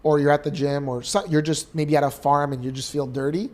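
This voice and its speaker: A Canadian man in his thirties, a podcast co-host, telling an emotional personal story in an earnest, animated way. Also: on the high side, a little fast.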